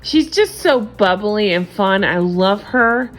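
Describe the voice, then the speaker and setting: A woman's voice: medium pitch, animated, takes it slowly, faint music behind. A woman vlogger giving a casual, chatty recap of a reality show, frank and gossipy, with frequent laughs and casual swearing.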